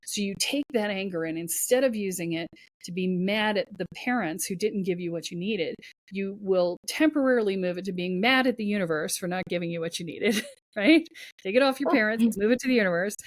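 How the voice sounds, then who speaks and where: A woman's voice: mid-range voice, a little fast, no echo. A woman speaking as a podcast guest and spiritual coach, giving emphatic, blunt advice in short commands. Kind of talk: podcast conversation.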